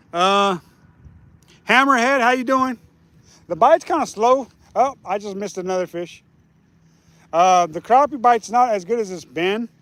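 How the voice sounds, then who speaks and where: A man's voice: high voice, fairly bright tone, no room sound. A man fishing outdoors by a lake, chatting casually on a live stream in an easygoing, rambling way. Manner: easygoing, rambling, restarts often.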